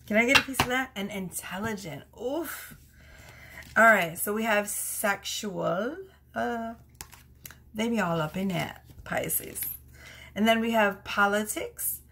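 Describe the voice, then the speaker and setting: Woman tarot reader, chatty and giggly, gravelly fry in her voice, faint noise behind. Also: mid-range voice, slow, long pauses, sharp tone. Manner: giggly, chatty, laughs through her words. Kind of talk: casual tarot reading.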